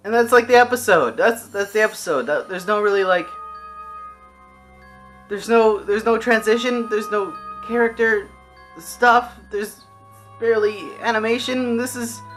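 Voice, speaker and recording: Bright, rambling exasperated ranter. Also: medium pitch, unhurried, pauses often, soft background music. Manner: rambling and exasperated, frequent restarts and swearing. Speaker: anime reviewer. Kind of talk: casual ranting review.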